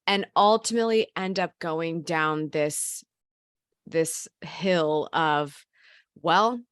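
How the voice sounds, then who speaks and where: A woman hosting a podcast who thinks aloud in an expressive, playful way. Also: fairly low pitch, no room sound, clean studio sound. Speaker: podcast host. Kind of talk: casual podcast conversation.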